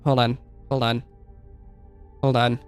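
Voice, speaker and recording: A man's voice: medium pitch, little pitch movement, slow pace, clean tone, faint music behind. A young man ranting in exasperated let's play commentary while hosting his gaming channel, repeating phrases and calling everyone dude.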